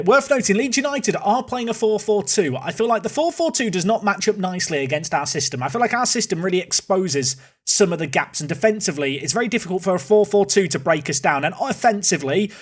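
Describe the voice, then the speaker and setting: High-voiced man calling game action. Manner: excitable play-by-play commentary. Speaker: gaming YouTuber. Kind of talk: game commentary.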